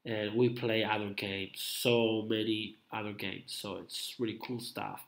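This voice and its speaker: A man's voice: on the low side, flat delivery, measured pace. A man hosting a casual live stream, rambling and hesitant with many fillers, coughing from a cold. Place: home room at night. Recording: roomy echo.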